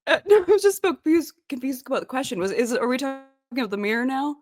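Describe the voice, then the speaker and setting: A woman co-hosting a sports podcast, giggly and lively in casual chat. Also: high voice, fast talker, faint music behind. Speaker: podcast co-host.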